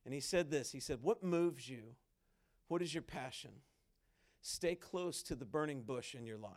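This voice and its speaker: A man speaking at a conference in a conversational, animated sermon style, acting out quoted dialogue as he tells a story. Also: mid-range voice, moderate pace. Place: conference hall stage.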